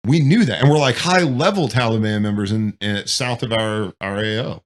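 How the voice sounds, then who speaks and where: A man's voice: on the low side, moderate pace. A man, a military veteran, telling profane stories from deployment in a casual podcast chat. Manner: profane, animated war storytelling.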